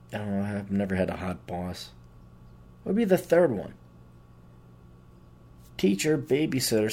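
A middle-aged man hosting a podcast, delivering a crude comedic monologue, mocking people with put-on quotes and getting loud when worked up. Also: mid-range voice. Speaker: podcast host.

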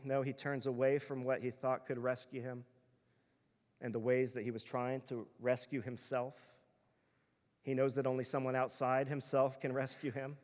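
A man's voice: mid-range voice, flat delivery, normal speed, a little mellow, big-room sound. A male pastor preaching a sermon in an earnest, emphatic way, building his points through repeated phrases.

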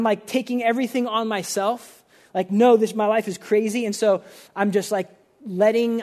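Earnest young male preacher, high voice. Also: darkish tone. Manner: conversational, frequent filler "like", earnest. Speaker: pastor. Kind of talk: casual sermon.

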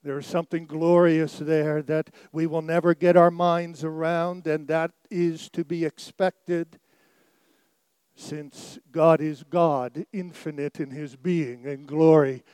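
A middle-aged man delivers a sermon in a smooth, clear voice that sits fairly high, recorded dry and close with no room sound. He takes his time, swelling to loud emphatic lines and then falling to near-quiet phrases. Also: little pitch movement, slow, dry recording. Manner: swings between loud emphatic peaks and quiet, dropped phrases. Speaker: pastor.

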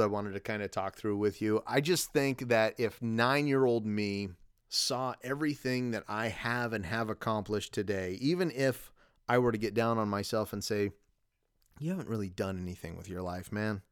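A man in his thirties rambles through a casual solo podcast episode, often laughing at himself. His voice is smooth and resonant at an ordinary middle pitch. It is recorded dry and close on a podcast mic. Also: moderate pace, no room sound. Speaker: podcast host.

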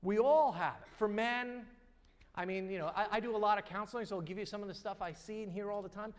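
In a large hall with long reverb, a middle-aged man preaches at a quick pace, his voice sitting high. He's a pastor who tells stories and builds toward a run of repeated rhetorical questions.

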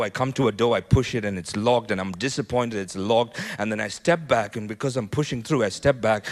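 Guy preaching in church, lively sermon, repeats himself, gets loud at the big moments. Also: medium pitch. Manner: animated, repeats words, rising to loud climaxes. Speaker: pastor. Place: church hall.

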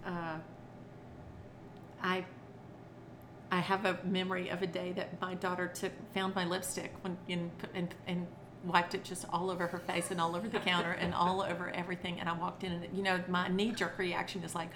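A woman's voice: on the low side, moderate pace. A middle-aged woman, a children's entertainer, chatting as a podcast guest and animatedly acting out stories. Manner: animated storyteller who acts out quotes. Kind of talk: casual interview chat. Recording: noisy background.

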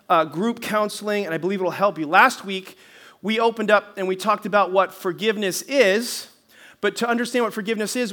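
A man pastor delivering a sermon in a lively storytelling manner, pausing to ask for amens. His voice sits high for a man and rings bright and forward. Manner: animated storytelling, calls for amens.

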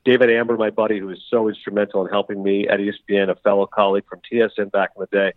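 Canadian-born guy guesting on a pod, fairly low voice, dry tinny phone sound. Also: level tone, no echo. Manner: talks fast, acts out quoted dialogue. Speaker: guest, sports broadcaster. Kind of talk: casual interview chat.

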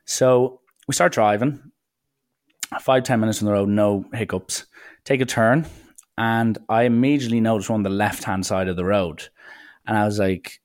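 A young man telling chatty, animated holiday stories in a casual way. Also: fairly low pitch, moderate pace, no echo, studio quality. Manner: chatty, animated anecdotes with acted quotes. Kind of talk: casual storytelling.

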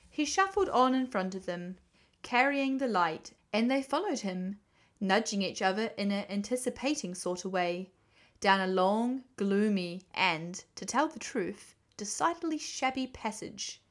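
A woman reading a classic children's book aloud, gentle and expressive. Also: mid-range voice, measured pace. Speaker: storyteller.

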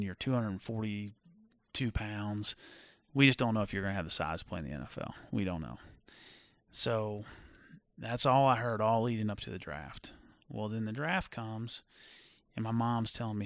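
A middle-aged former football player telling stories in a casual chat, animated and full of fillers. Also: male voice, fairly low pitch, unhurried, no room sound. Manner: animated storyteller with many fillers. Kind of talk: casual storytelling.

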